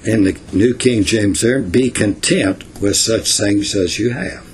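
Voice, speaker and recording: An older man giving informal Bible teaching in a folksy, unhurried way, reading verses and adding asides. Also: fairly low pitch, a little hiss or hum.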